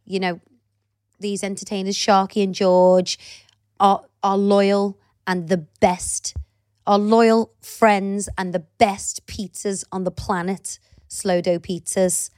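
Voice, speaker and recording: A woman's voice: medium pitch, level tone, takes it slowly, a little mellow, no room sound, clean studio sound. A woman in her thirties co-hosting a podcast, chatting casually and animatedly, swearing now and then. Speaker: podcast co-host. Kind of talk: casual chat.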